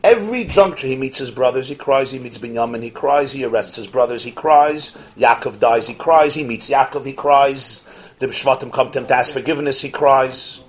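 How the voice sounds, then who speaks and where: A man teaching a Torah class, animated, posing rhetorical questions and swinging from soft asides to emphatic peaks. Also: medium pitch, moderate pace. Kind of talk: Torah lecture to an audience.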